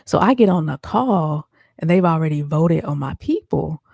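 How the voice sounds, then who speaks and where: Gravelly-voiced woman telling a story. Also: low-pitched, animated, normal speed, a little mellow, no room sound, studio quality. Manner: chatty, addresses listeners as y'all, many fillers. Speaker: podcast host. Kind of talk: casual storytelling monologue.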